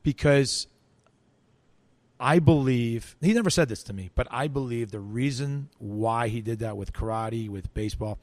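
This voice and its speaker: Animated man telling a story. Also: medium pitch, unhurried, no room sound. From United States. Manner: animated storyteller, acts out quoted voices, frequent restarts. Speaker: interview guest. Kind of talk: storytelling in an interview.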